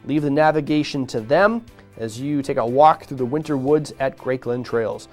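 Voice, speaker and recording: A man's voice: medium pitch, moderate pace, a little mellow, soft background music. A man hosting a live morning show, upbeat and chatty, with rambling asides.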